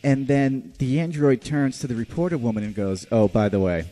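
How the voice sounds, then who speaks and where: A man's voice: mid-range voice, moderate pace, mellow, soft background music. A man hosting a casual podcast, reviewing a movie in a rambling, profane way with lots of fillers. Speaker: podcast host.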